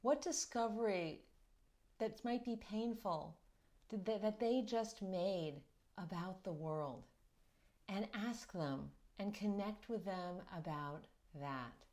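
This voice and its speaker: A woman's voice: medium pitch, slow pace, a little mellow. A middle-aged woman parenting coach giving earnest, reflective advice and explaining her points through stories. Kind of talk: talking-head advice video.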